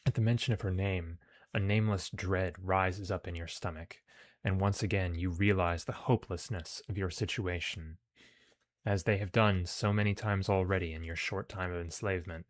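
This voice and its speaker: A man's voice: sits low, fairly even intonation, moderate pace, no echo, studio quality. A man reading game text aloud as narration, with casual, sometimes profane asides. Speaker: game streamer.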